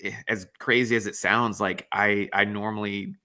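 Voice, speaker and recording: Bright-voiced young man, halting speech. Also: fairly low pitch, steady tone. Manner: halting, full of restarts. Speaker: voice actor on a panel. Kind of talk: casual panel chat.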